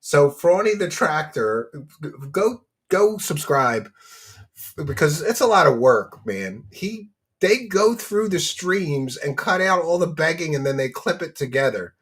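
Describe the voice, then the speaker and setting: A man's voice: fairly high pitch, very animated, unhurried, a bit bright. A man hosting a casual commentary stream, mocking his subject, laughing often and thanking donors by name.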